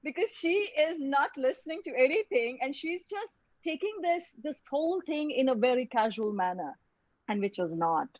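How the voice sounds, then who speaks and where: Woman, fairly high voice, halting personal story, dull lo-fi call audio. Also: lively intonation, no room sound. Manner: halting, repeats words and restarts. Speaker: speaker telling her own story. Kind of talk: personal story in a web lecture.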